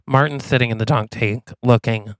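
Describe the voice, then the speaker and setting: A man co-hosting a comedy podcast, pitching a silly movie plot with playful storytelling and quick acted lines. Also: fairly even intonation, dry recording. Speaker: podcast co-host.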